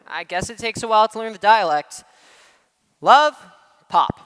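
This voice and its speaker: A man's voice: high voice, lively intonation, measured pace, a bit bright, clean tone. A teenage boy in a school play as a tired traveling father, reading a letter home in a wry storytelling tone. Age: teens. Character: weary traveling father writing home to his sons. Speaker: student actor. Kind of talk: stage monologue reading a letter. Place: school auditorium stage. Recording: echoey hall from a room mic.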